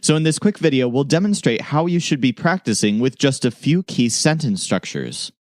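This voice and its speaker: A man narrating a scripted language lesson, speaking in a measured way and slowing down to model example phrases. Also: mid-range voice, big pitch swings, no echo, studio quality. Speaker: language teacher.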